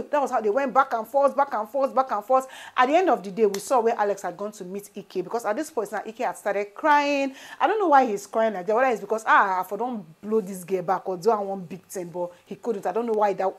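A Nigerian woman vlogger giving a casual gossip recap, animated and switching between English and pidgin. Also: medium pitch, brisk, hardly any pauses. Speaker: entertainment vlogger.

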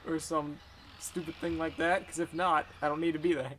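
A young man with a slightly high voice, joking and mocking himself as he plays. The home recording carries a clear hiss of background noise. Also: level tone, moderate pace, a bit bright. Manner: joking, self-mocking, laughs often. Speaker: let's play host. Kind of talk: casual gameplay commentary.

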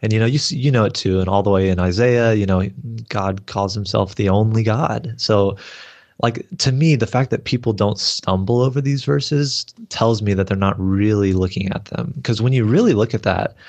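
A man's voice: on the low side, darkish tone. A man talking as a guest in a casual theology discussion, earnest and loose, with many fillers. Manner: earnest, lots of "like" and "you know".

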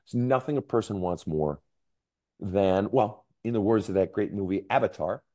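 A man's voice: on the low side, animated, normal speed, warm tone. A man, a counselor and author, speaking candidly as a podcast guest, emphatic and profane, his voice climbing when he gets worked up. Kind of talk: candid interview storytelling.

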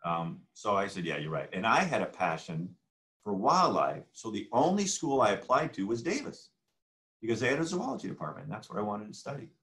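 A man in his sixties spins anecdotes as an interview guest, his low voice rising and falling with lively swings. He slips into the people in his stories as he tells them. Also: fairly quick. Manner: animated anecdotal storyteller who acts out quoted dialogue. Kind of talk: casual interview storytelling.

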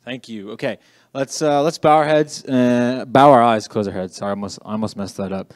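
Chatty young youth pastor, dry sound. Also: male voice, medium pitch, fairly quick, dry recording. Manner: chatty, self-deprecating, says "okay" often. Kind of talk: casual youth sermon. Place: church youth room.

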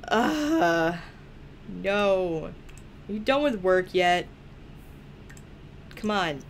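A woman's voice: on the low side, animated, slow, a little hiss or hum. A young woman chatting playfully through a let's play, teasing the characters and laughing often. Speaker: gaming video creator.

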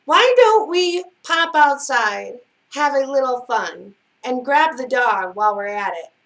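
A woman voicing an unflappable, smooth-talking male cat in a read-aloud storybook, with calm, breezy reassurance. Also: sits high, a little slow, heavily acted.

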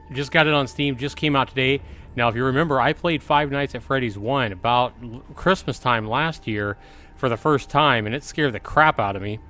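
A man's voice: mid-range voice, a bit bright. Chatty middle-aged man playing a game. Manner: chatty, reads on-screen game text aloud. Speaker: gaming channel host. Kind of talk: casual let's-play commentary.

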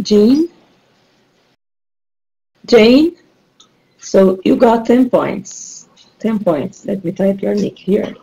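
A woman's voice: mid-range voice, mellow, muffled recording. A woman with a Brazilian accent, a Portuguese native speaker, patiently running a rhyming word game for an online class as the teacher. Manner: slow, patient, encouraging.

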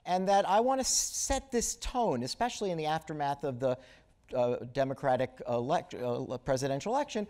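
A man's voice: fairly high pitch, expressive, a little fast, mellow. A man interviewing a guest onstage, asking pointed and teasing questions. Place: auditorium stage before an audience.

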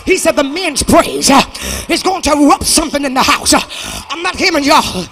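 A woman preacher delivering a Pentecostal sermon. She shouts and chants her lines, with a rhythmic "uh" between phrases, and at times speaks in tongues. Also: high voice, animated, fairly quick, soft background music.

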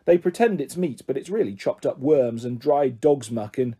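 A man's voice: medium pitch, animated, moderate pace, warm tone, breathy edge. A man reading aloud and voicing a bold, cheeky ten-year-old girl who lives in care, with a bossy, brash manner. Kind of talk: storybook character reading.

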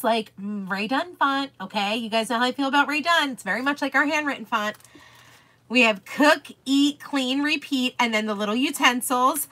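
A woman's voice: fairly high pitch, bright, forceful tone. A woman hosting a chatty live craft stream, greeting viewers by name and gushing over products, easily sidetracked. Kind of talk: chatty live-stream demo, reading viewer comments aloud.

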